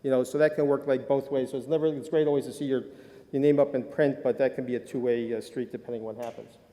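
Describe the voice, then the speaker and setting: An older man who works as a sports medicine doctor gives a rambling, self-deprecating conference talk packed with fillers. His mid-range voice is steady and warm and moves at a quick pace, echoing through a reverberant lecture hall.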